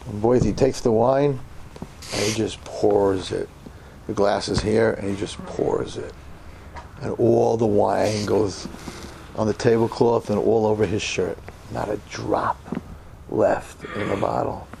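A man in his sixties from New York telling a story in a sermon, with dramatic swings from hushed murmurs to loud outbursts. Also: lowish voice, a little slow, gravelly, long pauses, a little hiss or hum. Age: 60s. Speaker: religious teacher.

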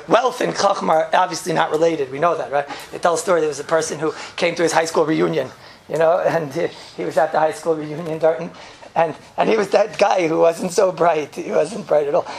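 Fast-talking gravelly man teaching. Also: a little high, steady tone, slight background noise. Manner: joking, chuckles often, rhetorical questions. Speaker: yeshiva teacher giving a class. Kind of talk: informal lecture with jokes.

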